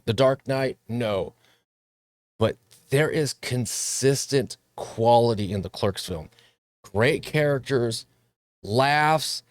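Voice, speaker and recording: A man's voice: mid-range voice, darkish tone, no room sound, studio quality. A man hosting a casual movie review show, talking loosely with plenty of fillers and self-deprecating jokes. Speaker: host.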